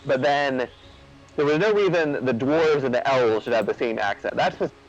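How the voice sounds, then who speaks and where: A man's voice: medium pitch, normal speed, dull audio. A man chatting casually over gameplay, rambling with lots of fillers and restarts. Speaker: co-host of a gaming video.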